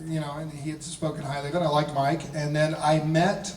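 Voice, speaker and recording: A man in his fifties, a guest actor telling a casual anecdote to a convention audience, animated and chuckling, often restarting his sentences. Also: fairly high pitch, brisk, a little hiss or hum. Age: 50s. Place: large convention hall panel. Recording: echoey hall audio from a distance.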